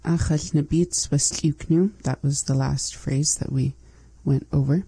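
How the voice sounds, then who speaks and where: Husky low-voiced woman, slow. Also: no room sound. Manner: calm, steady, repeats phrases. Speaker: lesson co-host. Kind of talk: guiding language lesson.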